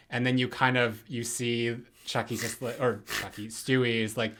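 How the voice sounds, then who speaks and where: A man's voice: medium pitch, normal speed, few pauses, background noise. Easygoing man retelling a story on a podcast. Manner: relaxed storytelling with many fillers. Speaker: podcast co-host. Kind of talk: casual chat.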